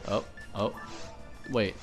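A young man chatting casually while playing a video game, joking, swearing and laughing often. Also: slow. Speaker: let's play co-host. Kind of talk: casual gaming chat. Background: game music.

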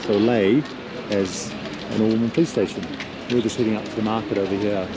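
A man hosting a travel vlog outdoors in a mountain town, speaking in a reflective, softly awed way as he leads a tour. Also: fairly low pitch, fairly even intonation, fairly quick, heavy background noise. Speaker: tour leader and vlog host. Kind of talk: casual travel vlog narration. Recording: outdoor street crowd behind.

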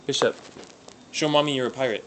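A man's voice: medium pitch, steady tone, a little fast. A father filming his young children at home, coaxing them in a playful, casual way from behind the camera. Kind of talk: casual home video chat. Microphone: camera mic, speaking from behind the camera. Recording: home video with clear background noise.

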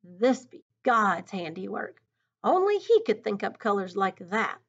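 A woman voicing a wise, gentle old Amish woman elder in a storybook read-aloud, speaking slowly and kindly in old-fashioned words. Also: mid-range voice, sing-song. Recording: dull lo-fi recording.

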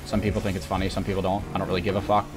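A young man streaming a video game on a headset mic, frustrated and cursing, often breaking into angry shouts. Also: low-pitched, flat delivery, racing. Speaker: gaming streamer. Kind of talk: live gameplay commentary. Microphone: gaming headset. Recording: game music playing behind the voice. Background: game music.

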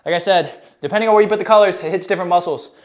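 A man's voice: high voice, racing. A young man livestreaming a home workout, talking to chat in hyped, casual bro slang while out of breath. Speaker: fitness streamer. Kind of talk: live workout stream chat.

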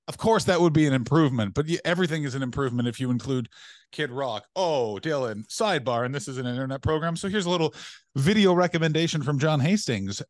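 A young man's slightly high voice tumbles out in animated, swearing rants, quick riffs piling onto each other. He co-hosts a casual comedic podcast, close on the mic. The sound is dry and close. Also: dry recording. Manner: animated, profane ranting with rapid riffs. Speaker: podcast co-host.

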